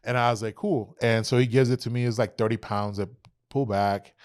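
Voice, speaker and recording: A man in his thirties telling hunting stories on a podcast, animated and profane, acting out what people said. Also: mid-range voice, fairly quick, clean tone, no room sound, clean studio sound. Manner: animated, profane, acts out quotes. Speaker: podcast guest. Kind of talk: casual storytelling.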